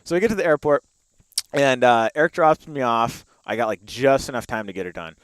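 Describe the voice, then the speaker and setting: A man's voice: mid-range voice, fairly quick, clear, resonant tone, dry recording. A young man telling a long story in casual chat, with lots of fillers and laughs, spoken into a studio mic. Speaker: podcast guest.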